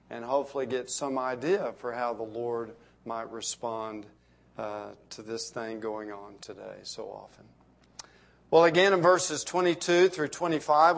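A middle-aged male pastor preaching a sermon, building emphasis on key phrases and letting sentence endings fall soft. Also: on the high side.

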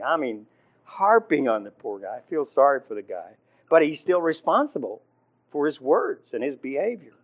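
A man teaching from the Bible in an informal sermon, halting with fillers and restarts and often clearing his throat. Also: on the high side, big pitch swings. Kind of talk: conversational sermon. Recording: dull lo-fi recording.

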